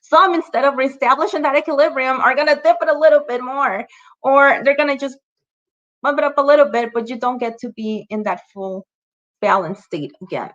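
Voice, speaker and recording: A woman's voice: high-pitched, a little fast, fairly bright tone. Chatty woman trainer on muffled webinar audio. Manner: chatty, checks in with frequent "right?" and "you know"; laughs lightly between examples. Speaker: trainer leading a parent workshop. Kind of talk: conversational online training talk.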